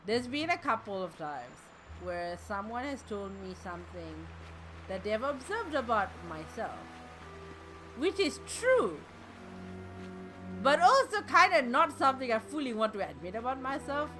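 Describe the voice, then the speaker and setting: A woman's voice: fairly high pitch, very animated, a little slow, fairly bright tone. A woman VTuber chatting casually and rambling while she plays a game on a fundraiser stream, laughing often and swearing now and then. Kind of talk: casual live-stream chat while gaming. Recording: game music playing clearly behind.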